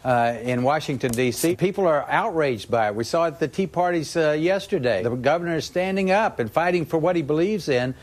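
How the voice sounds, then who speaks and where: A man's voice: a little high, expressive, fairly quick, hardly any pauses. Defiant man on TV. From Texas. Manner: defiant, folksy, brushes off the host. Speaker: political guest. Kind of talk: TV interview.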